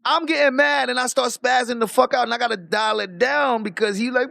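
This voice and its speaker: A man with a high, gravelly voice tells a story in a loose, profane rant, animated and quick to laugh. The sound is dry and close, with no room around it. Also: no echo. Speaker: streamer. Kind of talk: casual rant.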